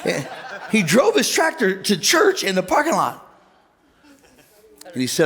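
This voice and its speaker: Male pastor, sermon, upper voice with very animated swings, playful crowd banter. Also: high-pitched, a little slow. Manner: animated, humorous, conversational preaching. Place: church auditorium.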